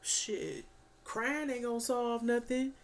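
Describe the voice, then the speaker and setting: A woman chatting casually as a reviewer, animated and slangy, swearing and telling stories. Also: on the high side, slow. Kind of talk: casual film review chat.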